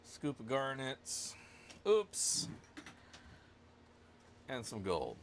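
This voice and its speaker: A man's voice: mid-range voice, huge pitch swings, very slow, slight background noise. A man hosting a casual live stream giveaway, rambling and joking at his own expense. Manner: rambling, self-joking, loose. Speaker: livestream host running a giveaway.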